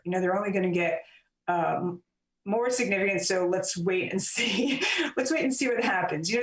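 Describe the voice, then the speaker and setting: A woman author and journalist, a guest in an interview, giving long, measured explanations with frequent fillers. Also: lowish voice. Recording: roomy and distant from the mic.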